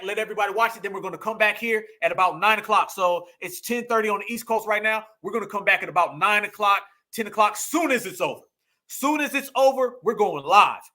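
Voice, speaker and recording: Man, emphatic preachy host, repeats lines for punch, high bright voice. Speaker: political commentary host. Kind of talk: fired-up political monologue.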